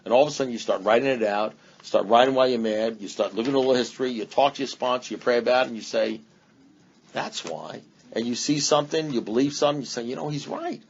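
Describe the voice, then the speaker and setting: A man's voice: medium pitch, quick pace, creaky, slight background noise. A man speaking at a recovery meeting, rambling and blunt, with punchy repetition and sarcastic asides. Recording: dull lo-fi meeting recording.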